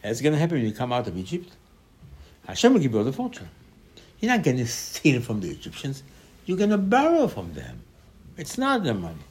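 A man giving a Torah class sermon, animated, asking and answering his own questions, with sudden loud emphasis on key lines. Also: medium pitch, quick pace. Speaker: Torah teacher.

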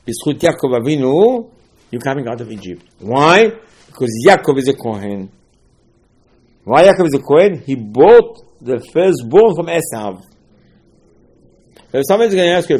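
A man giving a Torah sermon as a rabbi. He asks rhetorical questions and swings between hushed and loud. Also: mid-range voice, husky.

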